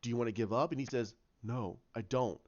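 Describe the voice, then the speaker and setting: A man casually retelling his own story idea, rambling with many restarts and acting out the quotes in a lower voice. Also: fairly quick, a little mellow. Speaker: fan commentator. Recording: dull lo-fi sound.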